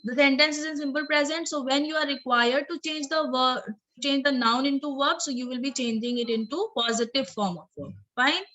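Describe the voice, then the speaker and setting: A woman's voice: high voice, a little fast, sharp tone, rough recording. A woman teacher explaining English grammar in a recorded lesson, repeating and rephrasing points and checking in with "okay" and "right".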